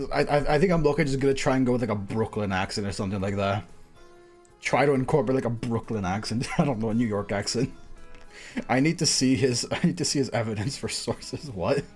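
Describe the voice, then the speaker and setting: A man streaming a game, chatting casually in a rambling way, full of fillers and quick laughs. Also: mid-range voice, a little mellow, faint music behind. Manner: rambling, filler-heavy, laughs often, says "bro" and "freaking". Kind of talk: casual live-stream chat while playing.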